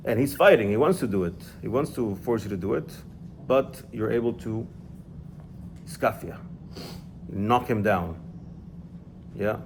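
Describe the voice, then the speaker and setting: Man teaching a laid-back class, slow and gravelly, keeps asking "yeah?". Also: fairly low pitch, lively intonation, background noise. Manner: explanatory, checks in with "yeah?". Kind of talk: informal religious class.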